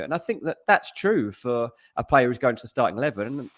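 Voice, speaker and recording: A man talking football transfers as a podcast guest, chatty, with quick asides and many restarts. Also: mid-range voice, expressive, a bit bright. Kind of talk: casual podcast chat.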